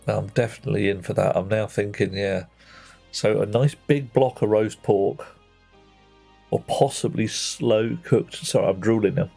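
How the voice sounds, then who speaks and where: A man's voice: fairly low pitch, vocal fry, warm tone, husky. A man chatting playfully with viewers while playing a game on a livestream, greeting them by name. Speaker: streamer. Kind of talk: casual livestream chat while gaming.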